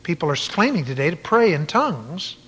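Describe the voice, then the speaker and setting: A man's voice: on the high side, big pitch swings, a little fast, a bit bright, breathy edge, big-room sound. A man preaching a sermon in an emphatic way, at times spelling words out letter by letter.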